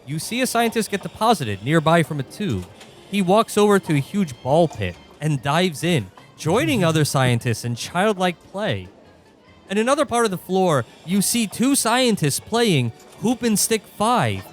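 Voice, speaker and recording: Acting as game master, a man narrates a comedic tabletop game in a deadpan style that keeps breaking into laughter. His voice is a little high.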